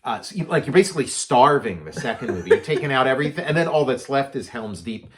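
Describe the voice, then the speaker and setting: A man's voice: medium pitch, expressive, quick pace. A man co-hosting a casual chat about movies, rambling with lots of filler words. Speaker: podcast co-host.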